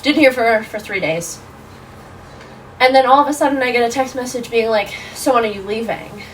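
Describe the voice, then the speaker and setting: A woman in her twenties, a podcast guest, telling a story in a casual, animated way, full of "like". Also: fairly high pitch, a little fast, distant mic, slight background noise, poor audio. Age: 20s. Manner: animated, lots of fillers like "like".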